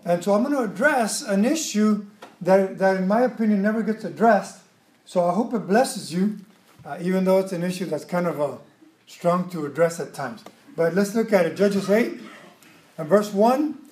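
A man preaching a sermon, emotional and expressive, acting out quotes with sudden loud outbursts. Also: high-pitched, moderate pace, reverberant. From Mexican background.

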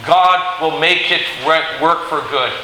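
A man preaching a sermon, telling a Bible story in an animated way and acting out the quoted lines. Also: fairly high pitch, measured pace. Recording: very echoey hall with faint hiss.

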